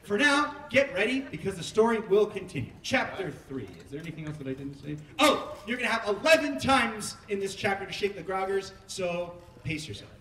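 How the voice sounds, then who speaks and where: Joking high-voiced rabbi in an echoey sanctuary. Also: male voice, expressive, a little fast, hardly any pauses, bright, forceful tone. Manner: joking, teasing, audience-prodding. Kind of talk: playful Megillah reading with asides to the congregation. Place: synagogue sanctuary. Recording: echoey hall heard from far off.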